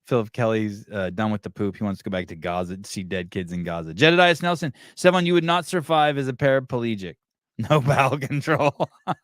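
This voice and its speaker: A man's voice: medium pitch, fairly quick, a bit bright, no echo, studio quality. A man hosting a podcast, chatting casually in a crude, joking way and laughing often. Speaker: podcast host.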